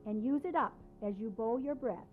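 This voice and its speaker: A woman vocal instructor giving calm, deliberate coaching in a recorded voice lesson, on a lo-fi cassette tape. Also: fairly high pitch. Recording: tinny lo-fi cassette tape with piano. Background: piano accompaniment.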